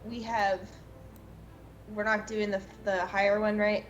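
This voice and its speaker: A woman playing a tabletop game, excitable and giggly, firing off quick questions. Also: mid-range voice, dull audio, slight background noise. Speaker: player. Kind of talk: casual tabletop play.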